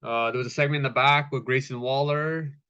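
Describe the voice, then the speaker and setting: A man's voice: mid-range voice, fairly even intonation, a little fast, bright, forceful tone, clear, resonant tone, lo-fi sound. A man casually recapping a wrestling show, laid-back, with lots of fillers and swearing, acting out the quotes.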